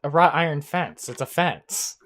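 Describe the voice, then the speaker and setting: A game master narrating a tabletop game in a halting way, full of fillers and restarts. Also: medium pitch, expressive, a bit bright. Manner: halting, filler-heavy, self-correcting.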